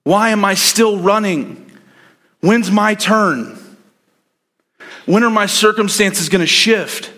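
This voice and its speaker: A man's voice: high voice, takes it slowly, long pauses, bright, forceful tone, pitched above the performer's own voice, exaggerated voice. A man voicing a weary young man who pleads with God, strained and repeating himself. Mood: pleading.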